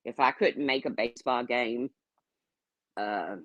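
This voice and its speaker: A woman's voice: very deep voice, unhurried, a bit bright, dry recording, low-quality recording. A middle-aged woman telling candid stories in a casual way, swearing freely and acting out what people said. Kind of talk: casual storytelling.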